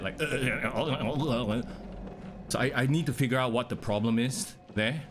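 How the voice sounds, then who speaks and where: A man's voice: mid-range voice, expressive, moderate pace, noisy background. Chatty young man streaming a game. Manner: chatty, talks to chat, reacts to the game. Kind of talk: casual live-stream commentary.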